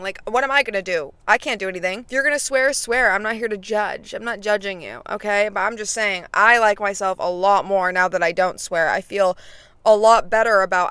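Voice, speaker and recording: A woman's voice: mid-range voice, fairly bright tone, clean tone, no room sound. A woman in her twenties, talking casually and directly to her viewers as a faith vlogger, full of fillers. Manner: chatty, frequent fillers, talks straight to viewers. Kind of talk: casual chat.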